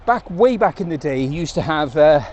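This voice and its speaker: An Englishman talks casually to a bike-mounted camera as he rides country lanes, rambling and cracking jokes along the way. His voice sits a little high for a man. Faint road and traffic noise runs under the outdoor recording. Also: animated, a little fast, a little mellow, dull audio. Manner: chatty and rambling, jokey asides. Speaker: cycling vlogger. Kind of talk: casual talk to camera while riding.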